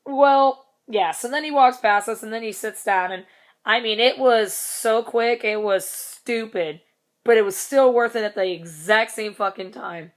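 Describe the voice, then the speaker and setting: A woman's voice: fairly high pitch, unhurried. A young woman telling a story in a casual vlog, rambling, swearing casually and laughing between lines. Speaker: vlogger.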